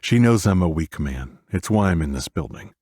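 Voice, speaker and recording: A man narrates a dark romance audiobook in the first person, brooding and intense. His voice is very deep with a husky grain. The sound is dry and close, with no room around it. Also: expressive, moderate pace, no room sound.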